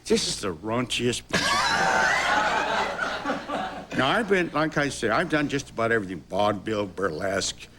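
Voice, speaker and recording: A man in his sixties, an actor guest telling animated stories with chuckles on a talk show. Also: fairly low pitch, moderate pace, pauses often, noisy background.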